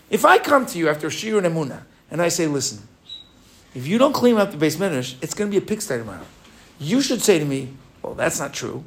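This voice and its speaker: A man teaching a Torah class in an animated way, asking his students rhetorical questions and mixing Hebrew phrases into his English. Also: fairly high pitch, fairly quick.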